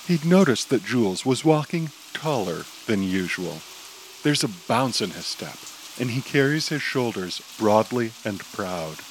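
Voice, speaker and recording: Sex: man. Style: steady audio drama narration. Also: on the low side, slight background noise, poor audio. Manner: steady, descriptive storytelling.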